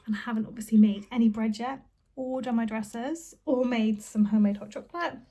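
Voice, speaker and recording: A woman's voice: a little high, a little fast, dark tone. A woman, a homemaker and mother, chatting casually at home in a vlog, tired and rambling with plenty of ums.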